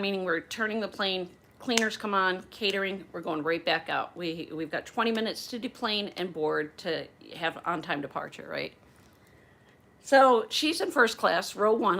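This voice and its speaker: A woman from outside Philadelphia tells a story to her livestream viewers in a casual, animated way. Her voice sits a little low for a woman, and she acts out each exchange. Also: creaky. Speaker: flight attendant and channel host.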